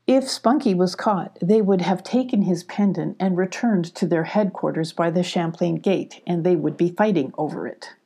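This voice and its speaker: A gruff, wary giant of a dog, voiced by a woman reading a storybook. He talks in blunt, demanding lines with a gravelly, husky edge and a dark, mellow tone. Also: lowish voice, moderate pace, hardly any pauses. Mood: serious. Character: huge gruff male dog, wary and stern.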